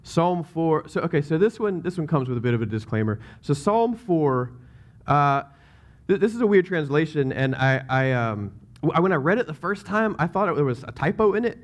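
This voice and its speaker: A man's voice: fairly high pitch, lively intonation, moderate pace. A man with a Southern US accent preaching a sermon as pastor, in a casual, rambling way that keeps interrupting itself.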